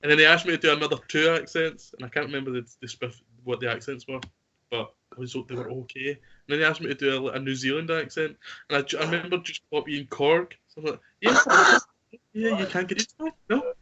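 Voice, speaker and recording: Bright-voiced young man. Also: a little high, fast talker, muffled recording, a little hiss or hum. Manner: chatty, excitable storytelling. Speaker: podcast co-host. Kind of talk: casual chat among friends.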